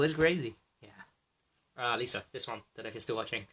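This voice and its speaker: A man rattles through a rambling livestream monologue at a fast clip. His voice is bright and a little husky, and he swears freely and calls out to viewers by name. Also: medium pitch. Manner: excitable, profane, talking to viewers by name. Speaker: livestream host.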